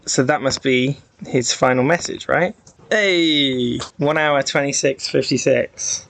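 A man's voice: medium pitch, slow, vocal fry, a bit bright. A man hosting a casual podcast chat about a puzzle game, reading clues aloud and laughing often. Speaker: podcast host.

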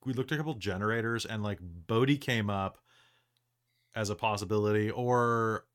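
Lower-voiced man, rambling casual chat. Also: normal speed, fairly bright tone, smooth. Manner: rambling, many fillers and restarts. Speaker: podcast host and game master.

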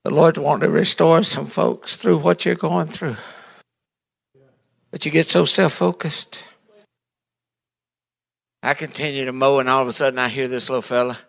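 A man's voice: fairly high pitch, fairly even intonation, normal speed, vocal fry, pauses often. A man preaching a sermon, telling folksy, humorous stories and acting out the voices of the people in them. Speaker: pastor. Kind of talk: storytelling sermon.

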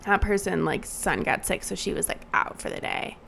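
A woman's voice: on the low side, lively intonation, moderate pace, gravelly, a bit bright, a little hiss or hum. A young adult woman co-hosting a podcast, telling a rambling story full of "like". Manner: chatty storyteller, lots of "like". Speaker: podcast co-host. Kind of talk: casual chat.

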